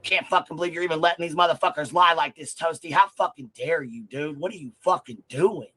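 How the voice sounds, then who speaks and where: A man's voice: fairly high pitch, brisk, pushed and bright. A man ranting angrily on a livestream, swearing heavily. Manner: angry, heavy swearing. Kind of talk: angry rant on a livestream.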